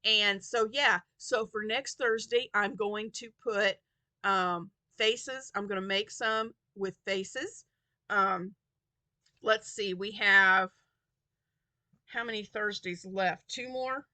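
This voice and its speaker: A woman vlogger chatting casually about her crochet projects, tired from a short night's sleep and quick to giggle. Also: medium pitch, bright, forceful tone, no room sound. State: tired and yawning. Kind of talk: casual chat to camera.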